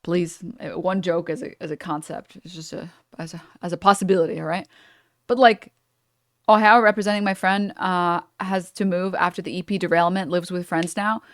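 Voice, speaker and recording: A woman's voice: on the low side, fairly even intonation, moderate pace, dry recording, studio quality. A woman streamer reacting to clips in casual commentary, profane and rambling, cutting herself off mid-thought. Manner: profane, rambling, self-interrupting.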